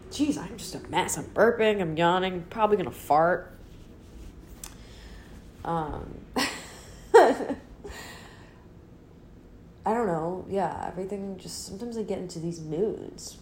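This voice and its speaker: A woman's voice: deep voice, vocal fry, darkish tone, a little hiss or hum. A woman in her twenties talking casually and candidly on her own, rambling and self-deprecating with lots of fillers and swearing, recorded in her apartment. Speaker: podcast host. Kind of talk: casual solo chat. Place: old apartment, indoors.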